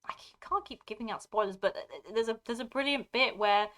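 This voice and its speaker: A woman's voice: fairly high pitch, a little fast, fairly bright tone. A woman with an English received pronunciation accent chatting casually with live viewers, rambling and breaking off mid-sentence with frequent laughter. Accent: British, received pronunciation. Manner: scattered, rambling, self-interrupting, laughing often. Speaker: streamer.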